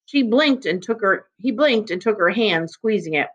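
A woman's voice: mid-range voice, lively intonation, normal speed, low-quality recording. Woman reading a novel aloud. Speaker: reader.

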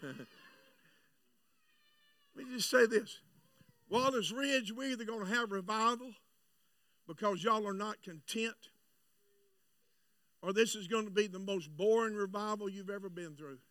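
A man preaching at a church revival, swinging from chatty storytelling to loud shouting. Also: sits high, unhurried, long pauses, no room sound, studio quality, far from the mic. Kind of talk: revival sermon. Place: church sanctuary.

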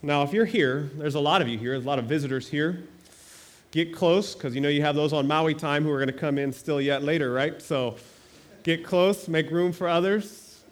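A male pastor preaching an Easter sermon and leading his congregation in lively call and response. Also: on the high side, normal speed.

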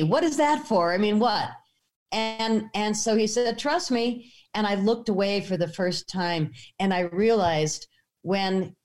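A woman, a filmmaker, telling a story in a casual interview, animatedly acting out voices in her anecdotes. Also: mid-range voice. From United States. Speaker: filmmaker guest.

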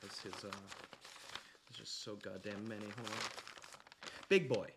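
A man's voice: on the low side, steady tone, slow pace, vocal fry, background noise. A man with a Canadian accent co-hosting a podcast, joking, teasing and swearing in casual chat. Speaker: podcast co-host.

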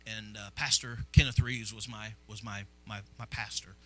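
Fervent bright-voiced preaching pastor. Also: male voice, lowish voice, fairly even intonation, normal speed, slight background noise, rough recording. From Illinois. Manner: fervent, repetitive preaching that swings from hushed to loud. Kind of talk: sermon. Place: church sanctuary.

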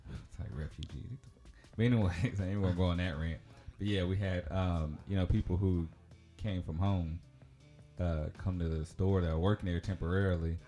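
A podcast host with a low, warm voice tells a personal story at a moderate pace, his intonation staying fairly even. He rambles casually, chatting with plenty of fillers and frequent laughs. Soft music plays in the background.

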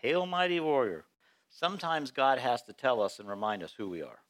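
A male pastor preaching a sermon in church, telling Bible stories in an animated way and acting out the characters' voices. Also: mid-range voice, fairly quick.

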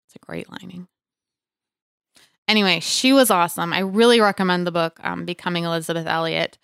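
A woman's voice: lowish voice, steady tone, fairly quick, gravelly, fairly bright tone, smooth, no room sound, clean studio sound. A young adult woman hosting a casual faith podcast, talking in an earnest, chatty way with many fillers. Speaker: podcast host.

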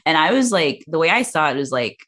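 Low-voiced woman analyzing casually. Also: big pitch swings, brisk, fairly bright tone, husky. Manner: analytical, rambling, heavy use of "like". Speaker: podcast panelist. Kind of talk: casual chat.

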